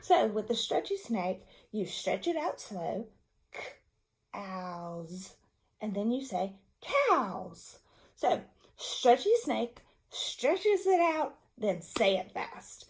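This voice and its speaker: Woman teacher, slow and patient, lively high voice, demonstrating reading tricks for kids. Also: creaky. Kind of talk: reading lesson for young children and parents.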